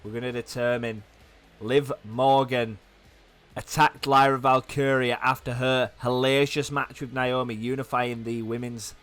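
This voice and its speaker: A young man with a hoarse, fading voice, giving fast, chatty commentary on a wrestling video game. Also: medium pitch, a bit bright. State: hoarse, losing his voice. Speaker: gaming YouTuber.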